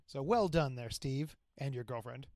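Deadpan teasing man on a podcast. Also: mid-range voice, normal speed, dry recording, studio quality. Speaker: podcast co-host. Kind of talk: casual chat.

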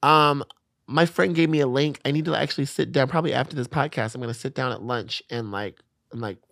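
A young man in a relaxed podcast chat, telling stories in a lively, animated way that breaks into laughter and restarts itself often. His voice is mid-pitched and the sound is dry and close. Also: quick pace, creaky, no echo. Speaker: podcast guest. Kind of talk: casual chat.

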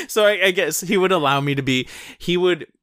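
A man's voice: high voice, animated, moderate pace, fairly bright tone, no echo. Joking young man, dry sound. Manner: joking, rambling with many fillers. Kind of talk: casual chat.

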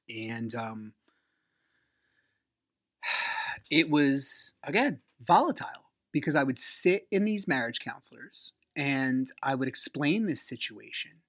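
A man's voice: mid-range voice, no echo, clean studio sound. Blunt man telling a personal story. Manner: emphatic, animated retelling of arguments; blunt, swears freely. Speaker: podcast host.

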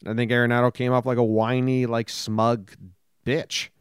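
A man co-hosting a casual sports talk show, giving blunt, quick recaps with a lot of swearing. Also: mid-range voice, flat delivery, clean tone, dry recording, studio quality. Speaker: podcast co-host.

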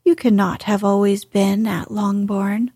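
A proud, reserved young gentleman from a classic novel , read by a woman narrator. He speaks in a slow, measured, formal way. His voice is mellow and a little breathy, recorded dry and close. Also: mid-range voice, level tone, no echo.

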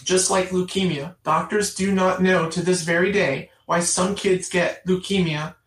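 A woman's voice: lowish voice, steady tone, unhurried. A middle-aged woman telling her personal story in an interview, earnest and emphatic, repeating phrases for stress. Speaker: guest. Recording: roomy, distant mic.

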